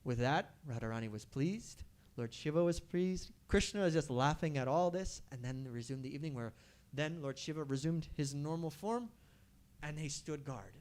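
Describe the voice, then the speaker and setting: A man telling a devotional story to a live audience at a temple gathering, animated and asking the audience questions. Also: a little high, normal speed.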